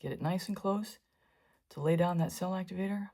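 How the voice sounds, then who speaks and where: Low-voiced woman chatting through a painting tutorial. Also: brisk, dark tone. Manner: chatty, wandering asides while working. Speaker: fluid art painter teaching. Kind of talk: casual painting tutorial narration.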